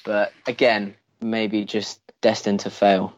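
A man's voice: fairly low pitch, level tone, takes it slowly, highs cut off. A man chatting on a podcast, laughing easily between points. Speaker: podcast co-host. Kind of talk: casual podcast discussion.

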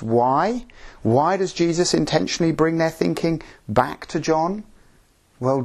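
A man preaching an earnest sermon, working through a passage line by line. His voice is slightly husky and sits at an ordinary middle pitch. He presses his point with strings of rhetorical questions.

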